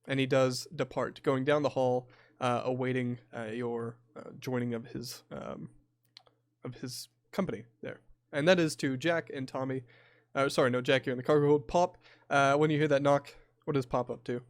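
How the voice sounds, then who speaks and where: A man's voice: mid-range voice, steady tone, moderate pace, dry recording, studio quality. Hesitant man running a horror game. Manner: hesitant, many fillers. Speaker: game master. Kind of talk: narrating a tabletop horror game.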